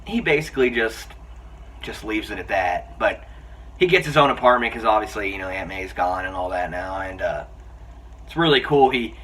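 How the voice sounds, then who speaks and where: A young man giving a casual, excitable film review, rambling with lots of restarts and fillers. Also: sits low, distant mic, a little hiss or hum. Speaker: movie reviewer.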